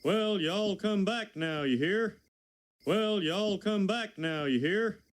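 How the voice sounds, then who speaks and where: A man's voice: sits high, takes it slowly. A man playing a folksy rural character with a drawl, in a clip played from a show.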